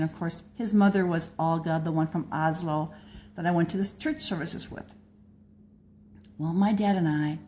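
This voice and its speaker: A woman's voice: on the low side, darkish tone, a little hiss or hum. An older woman from the American Midwest, speaking to her readers in an earnest, personal reflection with frequent restarts. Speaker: blogger and speaker.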